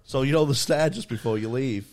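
A man's voice: medium pitch, a little mellow. A young man co-hosting a comedy podcast, telling stories in casual chat with lots of swearing and laughter. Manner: sweary and laughing, rapid bursts. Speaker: podcast co-host. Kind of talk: casual chat, comic storytelling.

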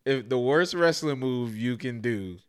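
Smooth-voiced man telling stories. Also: mid-range voice, a little slow. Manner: animated storytelling, profane slang. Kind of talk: casual chat.

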